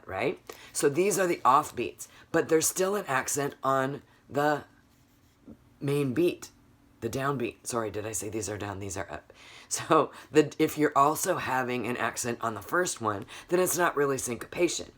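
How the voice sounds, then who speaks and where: A woman's voice: a bass voice, expressive, normal speed. A woman music teacher giving a recorded lesson for children, patiently counting beats aloud and quizzing the class as she goes.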